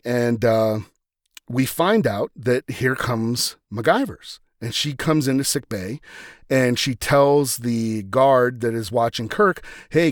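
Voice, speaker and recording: A man hosting a podcast talks through a TV episode in a loose, rambling way, full of "uh" and "you know". His voice sits at an ordinary middle pitch. The recording is close and dry, with no room sound. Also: no room sound. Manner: rambling, filler-heavy, conversational. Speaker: podcast host. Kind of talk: casual retelling of a TV episode.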